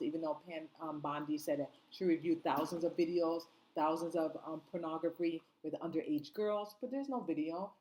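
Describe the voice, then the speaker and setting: A woman with a somewhat low voice delivers an impassioned opinion monologue straight to her viewers. She talks in a casual, unscripted way, full of fillers and slang. She keeps firing off indignant rhetorical questions and repeats her points for emphasis. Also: brisk, hardly any pauses, dark tone, slight background noise, poor audio. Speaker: commentator.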